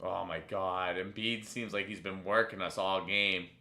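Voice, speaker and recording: A man hosting a live stream, calling a chat horse race with animated play-by-play and banter. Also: sits low, normal speed, echoey room. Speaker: stream host.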